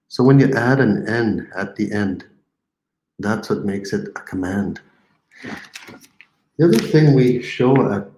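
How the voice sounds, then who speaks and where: A man with a lowish voice leads a live-streamed language lesson in an unhurried way. He repeats each word slowly for learners and slips in playful, teasing asides. The room around him sounds echoey. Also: a little mellow. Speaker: language teacher.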